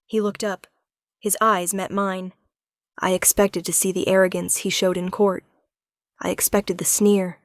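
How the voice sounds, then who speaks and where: A woman's voice: medium pitch, flat delivery, measured pace, no echo, clean studio sound. Woman narrating a tense thriller. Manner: tense first-person storytelling. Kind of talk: dramatic audiobook narration.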